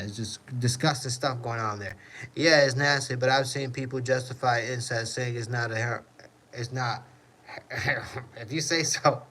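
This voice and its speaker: A man hosts a casual livestream, reading chat comments and answering in a rambling way, often repeating "you know what I mean." His medium-pitched voice sounds pushed and bright, and the recording is rough.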